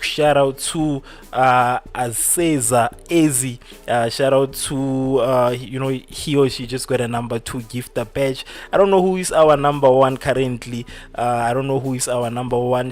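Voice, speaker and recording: Young male livestream host, casual chatty delivery, filler-heavy, greets viewers. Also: medium pitch. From South Africa. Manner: chatty, many fillers, reads out viewer names. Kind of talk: football watchalong livestream chat.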